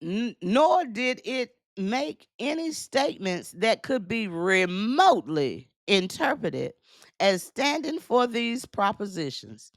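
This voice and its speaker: A woman's voice: mid-range voice, very animated, takes it slowly, no echo, studio quality. Emphatic woman reading a court order. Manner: emphatic, repeats phrases, laughs at the text. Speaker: news commentator.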